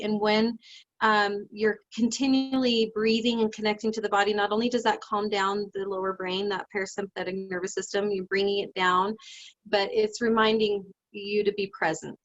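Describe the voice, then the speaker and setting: A woman life coach leading a guided session over a video call, emotional and animated, laughing often as she talks. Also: medium pitch, dry recording, dull audio.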